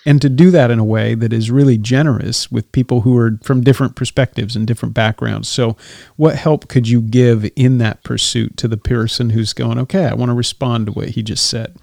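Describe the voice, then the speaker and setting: Gravelly, mellow-voiced male host. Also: medium pitch, steady tone, a little fast, no room sound, studio quality. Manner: reflective, with soft murmured assent. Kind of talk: casual faith interview.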